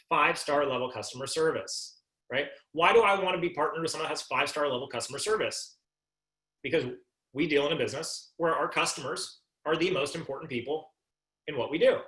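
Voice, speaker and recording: A man giving a live training talk to an audience, animated and jokey, acting out sample dialogue. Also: a little high. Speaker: sales and business trainer. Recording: echoey room.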